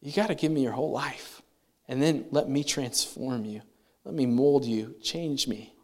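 A man's voice: mid-range voice, normal speed, darkish tone. A man preaching a sermon in a conversational way, acting out the voices he quotes. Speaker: pastor.

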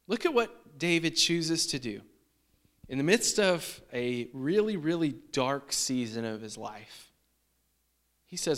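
A man preaching a sermon in an animated, emphatic way, acting out the people he quotes. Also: on the high side, slow. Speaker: pastor.

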